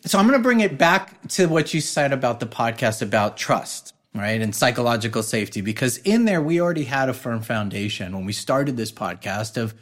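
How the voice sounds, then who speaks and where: A man's voice: medium pitch, fairly quick, hardly any pauses. A middle-aged man co-hosting a casual podcast, telling stories with energy and often checking in with "right?". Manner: animated storyteller, leans on "right?". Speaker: podcast co-host.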